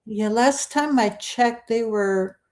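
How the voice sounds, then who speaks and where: A woman's voice: on the high side, takes it slowly, a little mellow. A woman co-hosting a podcast, giving brief, hesitant replies in casual chat.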